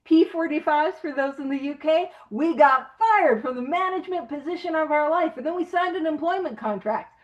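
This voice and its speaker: A woman leading an online recovery book study in a playful, animated teaching manner, with laughing asides. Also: high-pitched, moderate pace, hardly any pauses, lo-fi sound. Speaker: study group leader.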